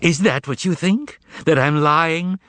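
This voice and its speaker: A man's voice: fairly low pitch, animated, a little slow, no echo. A man voicing a boastful, cheeky giant male cat in an audiobook. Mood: cocky. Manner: cocky, teasing, then meek. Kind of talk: audiobook character voice.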